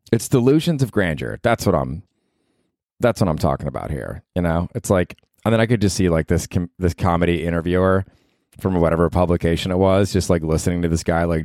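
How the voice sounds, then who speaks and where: A man's voice: low voice, darkish tone, no room sound, clean studio sound. A man in his forties, a comedian hosting a podcast, rambling casually with plenty of profanity and "like". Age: 40s. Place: bedroom at night.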